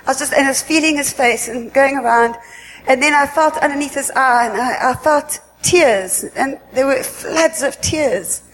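A woman giving an earnest spoken religious testimony at a worship meeting, halting and often repeating herself. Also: sits high, a little hiss or hum. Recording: echoey hall with long reverb, faint ambience.

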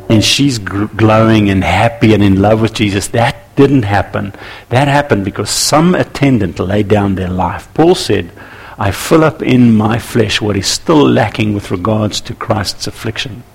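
A man preaching a sermon to church leaders, animated and acting out little scenes with voices. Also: lowish voice, a little slow, vocal fry, slightly rough. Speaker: pastor.

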